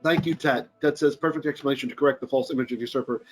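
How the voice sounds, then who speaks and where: A man teaching a Torah lesson in an animated, jokey way, often checking in with his listeners. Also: mid-range voice, rapid-fire, soft background music. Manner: animated, jokey teaching with frequent "right?" asides. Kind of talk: live-streamed Bible lesson. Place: Philippines.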